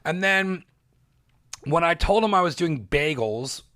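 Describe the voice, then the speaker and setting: A man chatting casually on a podcast, telling an excited story, swearing often and acting out what people said. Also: on the high side, unhurried, dry recording, studio quality. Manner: excited storytelling, heavy swearing, acts out quotes. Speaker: podcast guest, bagel baker. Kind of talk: casual chat.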